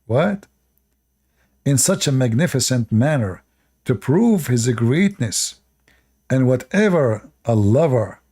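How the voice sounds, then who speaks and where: A man's voice: medium pitch, dark tone. A man giving sarcastic commentary while reading religious stories aloud, often laughing at them. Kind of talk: mocking commentary on religious texts.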